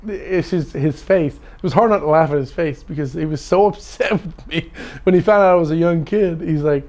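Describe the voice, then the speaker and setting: A man's voice: sits high, expressive, moderate pace, darkish tone. A man casually telling a story, laughing often and repeating words as he goes. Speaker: storyteller guest.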